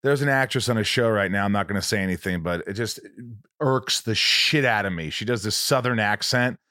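A man's voice: brisk, no room sound, studio quality. A man hosting a podcast interview, chatting casually and animatedly and swearing freely. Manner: animated, swears, lively pitch swings. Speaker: podcast host.

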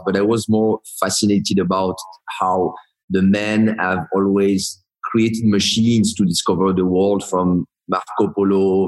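A man in his forties speaking with a strong French accent, his voice sitting low. He talks in a halting, searching way, full of fillers and restarts, as a guest on a podcast. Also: poor audio. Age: 40s. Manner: hesitant, many restarts and fillers. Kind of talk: casual interview talk.

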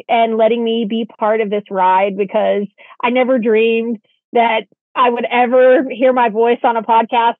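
A woman co-hosting a podcast, heartfelt and grateful, with a fairly high voice. She comes through a tinny, phone-like line with a dry, close sound. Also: no echo. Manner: heartfelt, grateful, laughs easily. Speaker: podcast co-host. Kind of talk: casual podcast chat.

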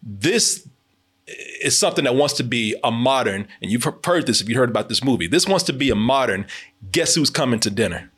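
Animated young man reviewing a movie. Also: medium pitch, brisk, slightly rough. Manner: animated, emphatic, swears and laughs often. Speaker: podcast host. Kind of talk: casual movie review chat.

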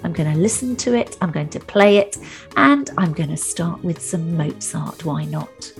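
A woman's voice: on the low side, lively intonation, normal speed, gravelly, faint music behind. A woman hosting her own podcast, reading a scripted segment with chatty, self-deprecating asides. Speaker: podcast host.

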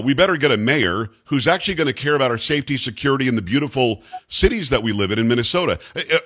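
A man's voice: medium pitch, a bit bright. A male radio talk show host interviewing a guest in an emphatic, rambling way.

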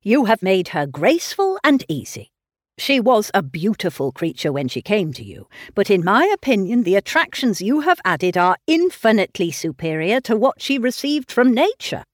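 A woman voicing a gallant, fawning young gentleman, effusive and flattering in a slow, eager manner. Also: mid-range voice, dry recording, clean studio sound. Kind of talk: audiobook character reading.

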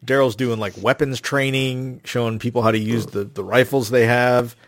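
A man's voice: mid-range voice, steady tone, normal speed, no room sound. A man hosting a casual podcast recap, retelling the plot with frequent ums and restarts. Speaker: podcast host.

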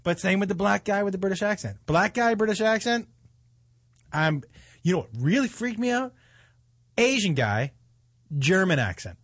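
A man co-hosting a comedy show with a high voice, telling stories animatedly and swearing freely. The sound is close and dry, with no room around him. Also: normal speed, long pauses, no echo. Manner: profane, animated storytelling. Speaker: host. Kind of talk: casual comedic chat.

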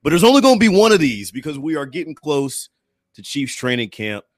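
A man's voice: on the high side, sing-song, a little fast, no room sound, clean studio sound. A man hosting a sports podcast, chatting casually and laughing easily with his co-host.

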